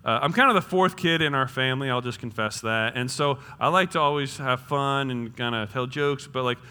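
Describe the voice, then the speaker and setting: A man preaching a sermon in a casual, joking way, swinging between loud emphasis and hushed tones. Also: medium pitch, a little fast, clear, resonant tone, long reverb tail. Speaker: pastor. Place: church.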